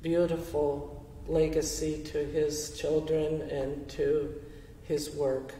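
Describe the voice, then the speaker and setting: An older woman speaks slowly and gently, sharing teachings with quiet warmth and soft laughter. Her voice carries from a distance across a roomy hall with a long echo. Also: low voice, level tone, slight background noise. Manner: gentle, warm-hearted, slow and reflective with soft laughs. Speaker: speaker sharing teachings through her late husband's art. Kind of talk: heartfelt talk with audience questions. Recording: roomy hall, voice from far off the mic.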